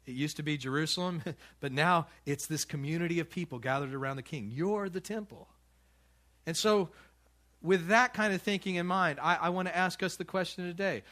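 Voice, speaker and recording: A man's voice: on the high side, moderate pace, sharp tone. A man preaching a sermon in a church, talking casually with frequent restarts and light laughter. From United States. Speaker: pastor.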